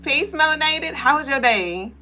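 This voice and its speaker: A young woman hosts a spiritual livestream, greeting viewers by name and answering their comments in loose, profane, laughing chat. Her voice is bright and sits a bit high. Soft music plays behind her. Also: lively intonation, normal speed. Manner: playful, swears freely, laughs often, greets viewers by name.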